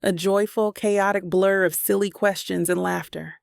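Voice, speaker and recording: A woman narrating a first-person romance audiobook in an intimate, steady way into a close mic. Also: medium pitch, normal speed, creaky, no room sound.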